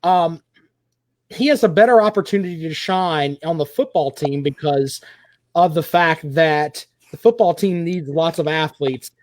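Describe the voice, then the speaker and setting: A man's voice: on the high side, a little slow, no echo. A man hosting a sports talk show, giving opinionated commentary at length. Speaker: podcast host.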